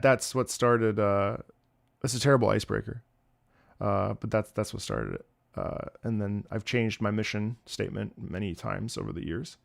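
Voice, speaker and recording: A man with a gravelly, creaky voice chats casually on a live stream. He rambles from topic to topic and jokes with his viewers. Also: fairly low pitch. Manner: chatty, rambling, joking with chat.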